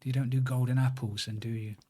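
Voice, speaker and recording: A man's voice: medium pitch, flat delivery, fast talker, warm tone. Chatty man streaming a game. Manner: chatty, rambling, greets viewers by name. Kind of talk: casual live-stream chat while playing.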